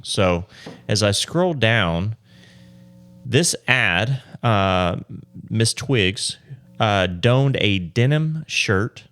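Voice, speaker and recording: A man's voice: fairly low pitch, expressive, very slow, fairly bright tone. A man co-hosting a podcast, telling stories with dry, wry humor in casual chat. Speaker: podcast co-host.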